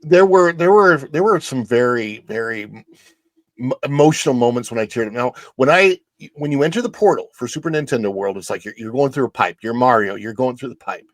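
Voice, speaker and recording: Halting, emotional male guest, dry sound. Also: medium pitch, expressive, no room sound. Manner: halting, many restarts, emotional. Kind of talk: casual chat.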